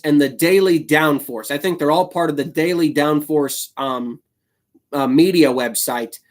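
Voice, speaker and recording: A man's voice: fairly high pitch, fairly bright tone. A man hosting his own solo video show, talking casually and slipping into a heated, apologetic rant. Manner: ranting, apologetic, fired up; frequent fillers and restarts. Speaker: YouTube host.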